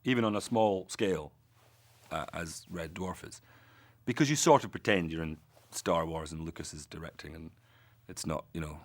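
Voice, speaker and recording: A man's voice: low-pitched, normal speed. A man in an interview talking in an easygoing way about making a show. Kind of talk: interview reminiscing.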